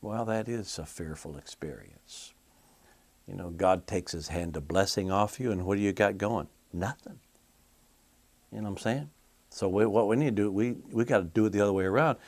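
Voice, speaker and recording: A man's voice: fairly low pitch, normal speed, a little mellow, no room sound. A male preacher delivering a sermon in a folksy, conversational way, with casual asides to the congregation.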